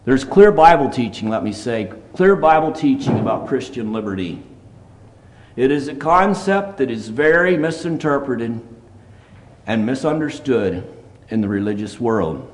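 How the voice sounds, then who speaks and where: A man's voice: mid-range voice, lively intonation, a little slow. Earnest man preaching a sermon. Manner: earnest, plainspoken, reads scripture in King James wording. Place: church service.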